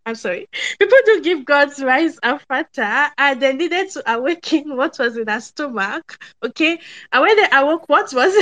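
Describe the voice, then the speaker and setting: A young woman talks through a film review on a podcast. Her voice sits high and bright, and she rambles happily, laughing at herself between ums and restarts. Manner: chatty, laughs often, many ums and restarts. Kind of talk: casual film review chat.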